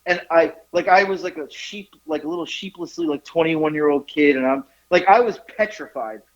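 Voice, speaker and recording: A man co-hosting a podcast, telling a profane story in a casual, animated way and jumping into high voices for the people he quotes. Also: moderate pace. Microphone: phone call. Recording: dull lo-fi phone line.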